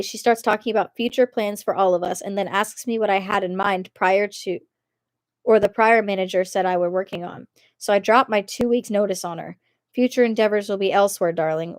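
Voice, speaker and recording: A woman's voice: mid-range voice, no echo, studio quality. Giggly woman reading posts on stream. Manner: chatty, giggly, breaks off to comment. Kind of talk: casual live-stream reading.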